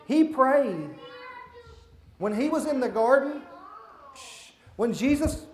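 A man giving a children's sermon, asking the kids simple questions and hushing them as he goes. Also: extremely high pitch, lively intonation, slow pace, slight background noise. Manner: hushes and redirects children mid-talk. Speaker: children's church leader.

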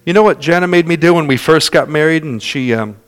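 A man preaches to his congregation with a voice pitched a little above most men's. He moves from loud, rousing passages to hushed, slowed-down moments and slips into other people's voices as he tells stories. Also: clear, resonant tone. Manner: dynamic preaching with wide swings in loudness and pace; storytelling with imitated voices of others. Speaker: pastor. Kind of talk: sermon.

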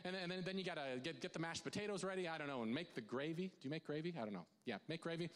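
Man, pastor, conversational sermon, animated, keeps restarting, long hall reverb. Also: on the high side. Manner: chatty and animated, with frequent restarts and asides to the congregation.

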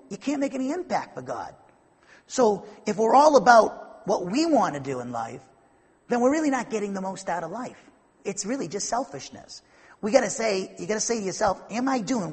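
Male preacher, high husky voice, rambling Bible teaching that builds to fervor. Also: expressive, brisk, darkish tone, in a large hall. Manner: rambling, repeats and restarts, builds to emphatic fervor. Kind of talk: conversational Bible-teaching sermon.

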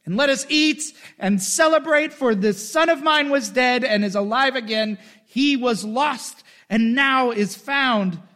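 A man reading aloud as a forgiving father, emphatic and loud. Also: very high voice, unhurried, few pauses, pitched above the performer's own voice, full character voice. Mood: joyful. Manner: emphatic, raised voice.

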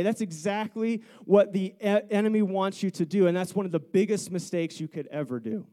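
A man's voice: high voice, normal speed, few pauses, mellow. A man in his thirties preaching a sermon, earnest and repetitive, building to fervent pleas. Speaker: pastor.

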